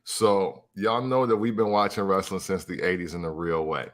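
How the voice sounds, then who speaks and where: A man's voice: deep voice, fairly even intonation, normal speed. A man co-hosting a casual podcast, laid-back and laughing often. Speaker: podcast co-host.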